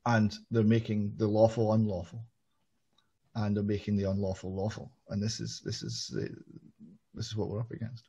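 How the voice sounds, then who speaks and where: A man from Scotland, hosting an interview and speaking in a measured, analytical way. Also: lowish voice, mellow, slightly rough. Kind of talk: political interview. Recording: muffled lo-fi audio.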